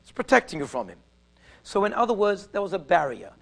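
A man giving a storytelling sermon in Orthodox Jewish English, animated and slowing down to stress his points. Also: sits high, gravelly. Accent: Orthodox Jewish English with Yiddish and Hebrew words. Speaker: rabbi giving a talk.

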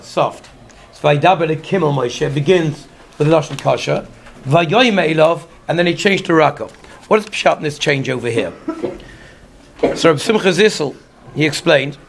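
A man giving a weekly Torah portion sermon, speaking in a measured teaching way and weaving Hebrew terms into his English. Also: fairly high pitch, vocal fry, a little hiss or hum. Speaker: rabbi giving a Torah talk.

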